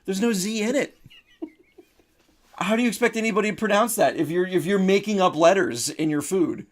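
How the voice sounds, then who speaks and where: A man's voice: high-pitched, brisk. A man with a New Jersey accent co-hosting a comedy podcast, telling stories in a ranting, mock-outraged way. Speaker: podcast co-host. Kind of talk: comedic casual chat.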